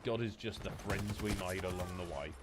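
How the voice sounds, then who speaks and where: Through a headset, a young Brit with a congested, nasal sound swears and rambles to his stream chat while playing. His pitch is low, his pace a little fast, and the background noise is heavy.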